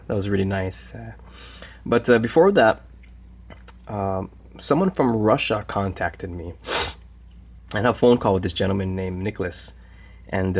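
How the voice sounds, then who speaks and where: A man casually reviewing a watch in a vlog. He talks in an easygoing, halting way with many fillers. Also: lowish voice, gravelly.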